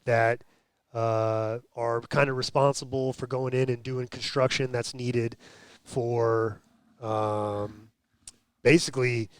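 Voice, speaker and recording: A man hosts a casual show in a smooth, resonant voice. He jokes and restarts his sentences as he goes. The sound is dry and close. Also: medium pitch, no room sound. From United States. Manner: stammering restarts, jokey. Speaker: host. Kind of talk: casual chat.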